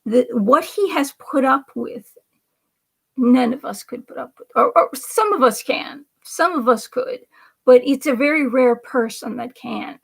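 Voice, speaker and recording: A woman's voice: high-pitched, measured pace, creaky, husky. A woman hosting a political commentary livestream, talking in a rambling, emphatic way and now and then dropping to a whisper for effect. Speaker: livestream host.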